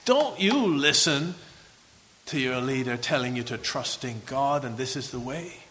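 A man preaching a sermon, animated and acting out the voices of the figures in his text. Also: mid-range voice, measured pace, long reverb tail.

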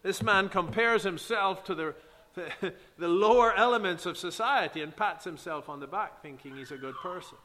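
Forceful preacher man in an echoing hall. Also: high voice, normal speed, a little hiss or hum. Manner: emphatic preaching with King James scripture reading. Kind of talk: sermon. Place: church sanctuary. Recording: long church hall reverb.

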